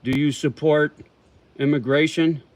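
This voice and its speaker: A man's voice: fairly high pitch, fairly even intonation, measured pace, darkish tone, no room sound. Profane, slangy man on a dry mic. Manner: profane, slangy, calls viewers homie and brother; chews tobacco while talking. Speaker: livestream host. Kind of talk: casual livestream chat, answering viewer comments.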